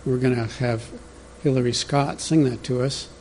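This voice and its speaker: A man's voice: mid-range voice, fairly even intonation, normal speed, darkish tone, a little hiss or hum. A man preaching a sermon as pastor, in a conversational teaching manner that speaks directly to the congregation.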